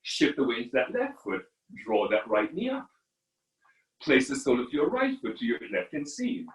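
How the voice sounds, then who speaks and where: Man guiding a yoga class, lively. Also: medium pitch, moderate pace. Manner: calm guiding cues with warm asides to students. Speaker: yoga instructor. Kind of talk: live online yoga class instruction. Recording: echoey room from far off.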